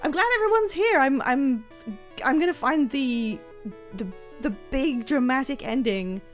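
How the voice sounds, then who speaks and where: A woman streamer talks through her game in a chatty, rambling way, her pitch bouncing all over the place as she gets excited. Her voice sits a little high for a woman, and she pokes fun at herself as she goes. Faint game music runs underneath. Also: a little slow. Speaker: livestreamer playing a video game. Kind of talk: casual live-stream chat.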